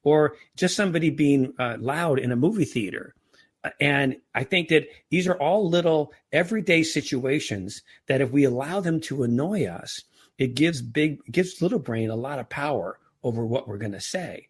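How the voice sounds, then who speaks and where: A man's voice: fairly high pitch, animated, normal speed, slightly rough. A middle-aged man talking casually as a podcast guest, often restarting and repeating words. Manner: frequent restarts and stammered repeats. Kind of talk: casual interview talk.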